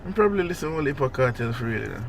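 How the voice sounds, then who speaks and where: A man, co-hosting a podcast in casual chat, agreeable and quick to laugh, repeating phrases. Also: mid-range voice, big pitch swings, creaky, heavy background noise. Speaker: podcast co-host.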